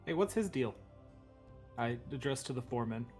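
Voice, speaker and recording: A man playing a tabletop game, making quick, wry, offhand remarks in character. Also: mid-range voice, lively intonation, a little mellow, faint music behind. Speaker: player. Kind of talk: casual in-character play.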